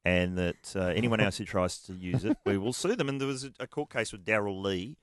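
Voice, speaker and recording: A man's voice: fairly low pitch, fairly quick, no echo. A man hosting a comedy radio show, telling stories in a dry, wry way. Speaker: radio host.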